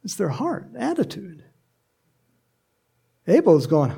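A man delivers a sermon in a loose, conversational way, slipping into playful acted voices. His voice is gravelly and a touch husky, pitched a little high for a man. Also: expressive, unhurried, darkish tone. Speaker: pastor.

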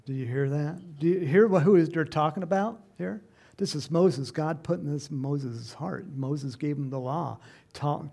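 A middle-aged male pastor preaches in a loose, conversational way, often rising into loud, emphatic bursts. His voice sits a little high and has a gravelly, fry-laden edge. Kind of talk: sermon.

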